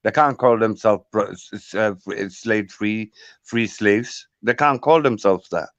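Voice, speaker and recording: A man in casual chat, talking in a dismissive, repetitive, halting way. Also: on the low side, no echo, muffled recording.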